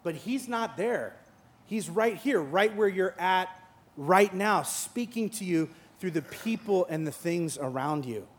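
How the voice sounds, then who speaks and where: A man with a notably high voice delivers a sermon as a pastor. He moves between humorous asides, where he acts out imagined conversations, and sincere, thoughtful teaching. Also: animated, unhurried. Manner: humorous storytelling with acted-out dialogue; earnest and reflective in teaching parts.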